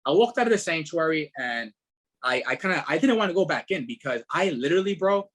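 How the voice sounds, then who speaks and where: Husky-voiced man telling his story. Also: fairly high pitch, brisk. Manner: animated, repeats words and fillers. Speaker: podcast guest. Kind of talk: casual testimony.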